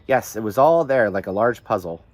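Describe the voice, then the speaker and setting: A man reading a novel aloud in the first person, with steady, earnest storytelling. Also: lowish voice, normal speed, no echo. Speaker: audiobook reader.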